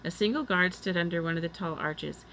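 Bright-voiced woman reading a storybook. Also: lowish voice, fairly quick, slight background noise, low-quality recording. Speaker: reader. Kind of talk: storybook read-aloud.

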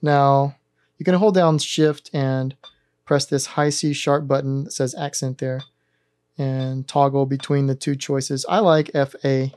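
A man hosting a synthesizer tutorial, calmly talking through each button press in a methodical step-by-step demonstration. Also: mid-range voice, unhurried.

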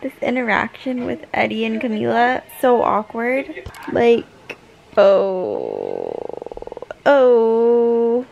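A woman's voice: on the high side, wildly swooping pitch, slow pace, gravelly, a little mellow, highs cut off, slight background noise. A young woman reacting to a TV finale, gasping and gushing over each scene. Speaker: reaction vlogger. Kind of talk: emotional TV reaction commentary.

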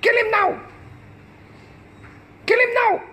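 A man's voice: very high-pitched, fairly even intonation, takes it slowly, pushed and bright, pitched above the performer's own voice, full character voice. A man putting on a mocking, bloodthirsty mob voice with a Jamaican accent, chanting taunts. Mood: taunting.

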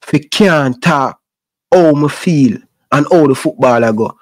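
A Jamaican man with a high voice holds forth to his audience in thick Patois. He sounds middle-aged and impassioned, preaching about patience and hustle as host of his own sports channel. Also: expressive, measured pace. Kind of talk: casual rant to camera.

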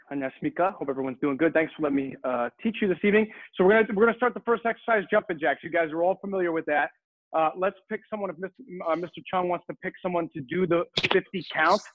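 A man's voice: high voice, fast talker. Man coaching drills over a tinny call. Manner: upbeat coaching, calling drills. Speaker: guest martial arts instructor. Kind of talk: online fitness class instruction. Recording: tinny video-call audio.

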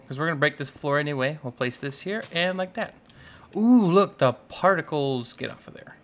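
A man's voice: mid-range voice, fairly bright tone. A young man doing casual, playful commentary on his own gameplay, scolding the animals in the game and muttering to himself as he plays. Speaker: gaming YouTuber. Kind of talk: casual Let's Play commentary.

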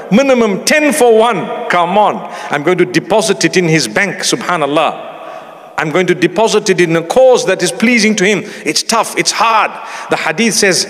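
A man's voice: high-pitched, fairly bright tone. A middle-aged man preaching a sermon in a chatty, humorous way, with Arabic phrases woven in. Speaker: Islamic preacher. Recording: long hall reverb.

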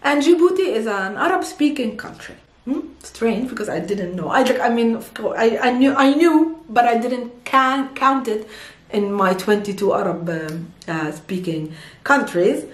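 A woman's voice: a little high, lively intonation, moderate pace. A woman teaching Arabic in a casual, playful lesson, asking herself questions and answering them; Arabic is her first language. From Holy Land. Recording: roomy echo.

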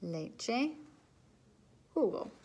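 A woman teaching children, speaking patiently and pausing so they can repeat each word after her. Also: on the high side, very animated, warm tone, breathy edge. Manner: slow, patient, drills words and waits for repeats. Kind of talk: recorded classroom lesson, call and repeat.

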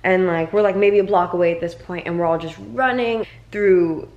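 A woman's voice: fairly low pitch, moderate pace, reverberant, muffled recording. A young woman vlogging, retelling her story with many fillers. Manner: quiet, subdued retelling. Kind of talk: storytime vlog.

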